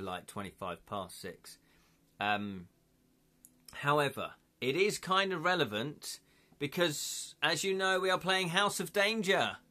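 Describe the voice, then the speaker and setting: A man's voice: mid-range voice, bright, forceful tone. A man hosting a casual live stream, chatting with viewers, laughing often and reading their comments aloud. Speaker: livestream host.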